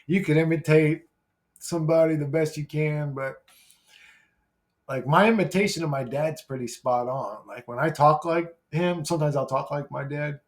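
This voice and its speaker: A man's voice: a little high, normal speed. A brash man who swears freely, rambling casually as he replies to viewer comments. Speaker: YouTuber replying to comments.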